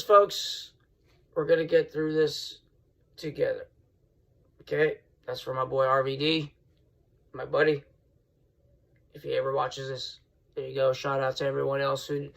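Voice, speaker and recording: A man hosting his own wrestling podcast, ranting heatedly and swinging from loud outbursts to low mutters. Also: vocal fry. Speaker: podcast host. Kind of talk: casual wrestling podcast rant.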